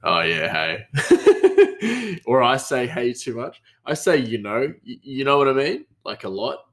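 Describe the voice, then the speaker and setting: A male podcast host rambles casually through work stories in a storytelling monologue, restarting many times. His mid-range voice is very animated, though his pace stays measured.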